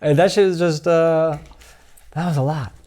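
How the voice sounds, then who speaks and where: A man guesting on a podcast in a studio, talking in a slightly high voice. He swears a lot, laughs between lines and slips into quick quoted voices as he tells his stories. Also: fairly even intonation, dark tone. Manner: profane, laughing, acts out quotes. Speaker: comedian guest. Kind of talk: casual podcast chat.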